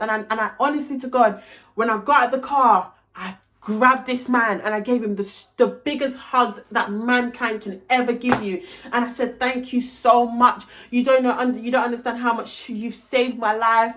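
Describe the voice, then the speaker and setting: A woman's voice: a little high, fairly even intonation, normal speed, a bit bright. A young woman telling a storytime vlog, emphatic, swearing freely and slipping into Caribbean slang. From London. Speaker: vlogger.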